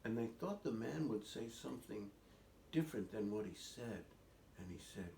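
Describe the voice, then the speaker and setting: A man tells a child a story in a gentle, coaxing way and keeps asking the listener questions. His voice is low and gravelly. The room echoes, and a faint noise sits underneath. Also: expressive, normal speed. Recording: roomy echoing recording, faint noise.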